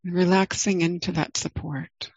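A middle-aged woman leading a guided meditation, speaking calmly and gently with long pauses. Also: on the low side, slightly rough, no room sound, dull audio. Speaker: meditation teacher.

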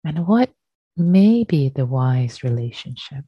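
Slow, breathy, low-voiced woman teacher. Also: no echo, lo-fi sound. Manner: slow, gentle, repeats phrases softly. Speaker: meditation teacher. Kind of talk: dharma talk.

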